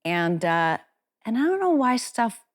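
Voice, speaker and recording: A woman's voice: fairly high pitch, big pitch swings, a little slow. A woman speaking as an interview guest, telling personal stories in a frank, chatty, self-deprecating way. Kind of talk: candid conversational storytelling.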